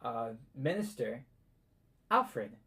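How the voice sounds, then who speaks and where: A man voicing a mother who makes a formal introduction, slowly and properly. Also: medium pitch, big pitch swings, sharp tone, full character voice. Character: mother introducing a new minister.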